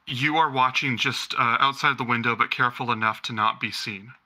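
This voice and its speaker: A man acting as game master, narrating a tabletop game in a loose, rambling way. His voice is bright and sharp, and he fills the story with ums. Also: mid-range voice, a little fast.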